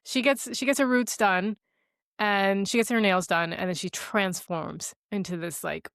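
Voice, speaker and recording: A woman's voice: medium pitch, fairly even intonation, measured pace, a bit bright, clean tone, no echo, studio quality. A woman co-hosting a podcast, recapping a movie in casual chat, acting out the characters' lines and laughing often. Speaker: podcast co-host.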